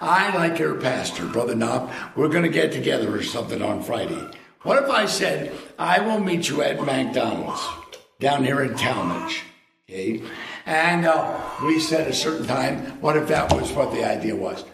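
A man's voice: medium pitch, sing-song, moderate pace, gravelly, fairly bright tone. An older man preaching a sermon as a visiting preacher, telling folksy stories and acting out both sides of a dialogue. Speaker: guest preacher. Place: church. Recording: echoey church hall, mic at a distance.

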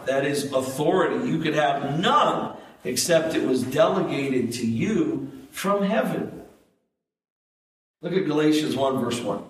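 A man preaching a sermon, telling stories in a lively way and acting out the voices he quotes. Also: a little high. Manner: storytelling, animated, acts out quoted voices. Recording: echoey hall, mic at a distance.

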